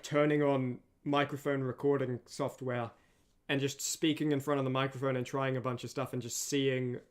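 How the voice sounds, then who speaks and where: A tired man chatting casually on a stream as its host, rambling with many restarts. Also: mid-range voice. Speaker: streamer and voice animator.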